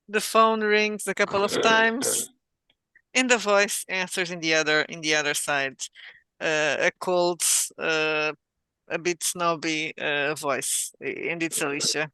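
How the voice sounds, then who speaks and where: Non-native english guy running a tabletop game, lots of uhs, super clear bright voice. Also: high-pitched, steady tone, slow pace, dry recording. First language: not English. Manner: hesitant, laughing, many fillers. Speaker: game master.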